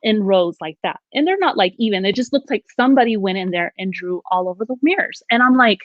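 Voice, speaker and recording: A woman's voice: mid-range voice, fast, no room sound. Woman telling a ghost story, acts out the quotes, muffled lo-fi audio. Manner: animated, acts out quoted lines. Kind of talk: casual storytelling chat. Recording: dull, dry lo-fi audio.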